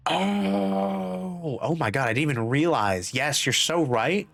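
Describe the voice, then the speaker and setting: A man's voice: a little high, expressive, slow pace, gravelly, a bit bright. A young man streaming a game, rambling animatedly and laughing often between reading parts aloud. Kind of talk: game playthrough commentary.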